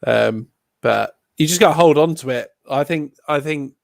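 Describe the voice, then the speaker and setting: A man in a casual chat talks things through in a relaxed, earnest way as a guest. His voice sounds dry and close to the mic, with no room echo. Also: a little high, moderate pace, gravelly.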